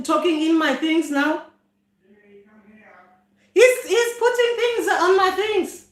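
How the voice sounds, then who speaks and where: A middle-aged woman with a South African accent and a high voice chats casually on a live stream from home. She laughs often and breaks into "ay, ay" exclamations, and the sound is roomy with echo. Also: takes it slowly, long pauses. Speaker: traditional healer hosting a live stream. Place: home room.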